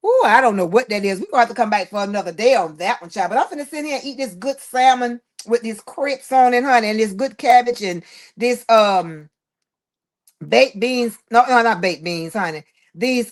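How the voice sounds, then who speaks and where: Chatty woman hosting a live stream. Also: on the high side. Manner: chatty, calls listeners honey, child and boo. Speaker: livestream host. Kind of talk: casual livestream chat reading viewer comments.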